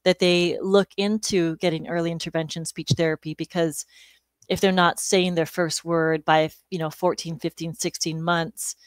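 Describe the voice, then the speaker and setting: A woman in her forties, a speech-language pathologist guest, explaining calmly and informatively. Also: fairly low pitch, normal speed, clear, resonant tone, dry recording. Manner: calm, informative, with "you know" fillers. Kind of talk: explanatory interview talk.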